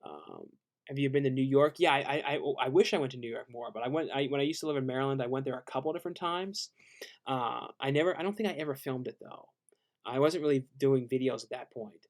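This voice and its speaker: A man casually hosting a live-stream Q&A, laid-back and halting as he reads out viewer questions and answers them. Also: mid-range voice, expressive.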